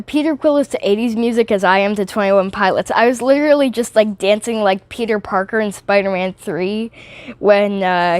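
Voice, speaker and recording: A woman's voice: medium pitch, no room sound. A teenage girl rambling and giggling through a casual movie review vlog, often drifting off topic.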